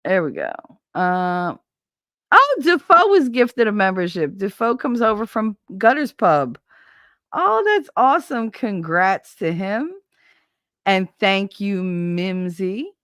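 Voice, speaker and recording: A woman at a desk mic streams on her channel, swearing and wandering from topic to topic in casual chat. Her medium-pitched, fairly bright voice swings widely in pitch and moves slowly, recorded cleanly with no room sound.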